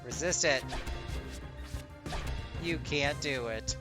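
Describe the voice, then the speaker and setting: A man giving chatty live gameplay commentary as a streamer, talking straight to his viewers and jumping into high playful tones. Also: slow pace, over loud music. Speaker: game streamer.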